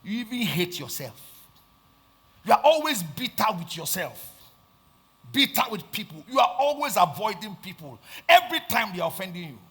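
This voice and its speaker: A man with a Nigerian accent preaching a sermon, swinging between shouted lines and hushed asides and repeating phrases for emphasis. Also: sits high, very animated, moderate pace, breathy edge. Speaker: pastor.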